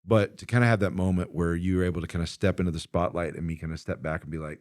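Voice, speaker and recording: A middle-aged man hosting a podcast, telling a story in casual chat, animated and quick to laugh as he acts out what people said. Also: deep voice, no room sound, clean studio sound. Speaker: podcast host and filmmaker.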